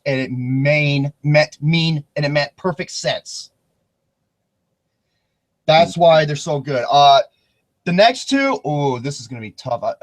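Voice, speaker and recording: A man with a high, swooping voice hosts a laid-back podcast chat. He rambles excitedly from point to point and swears freely as he goes. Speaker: podcast host.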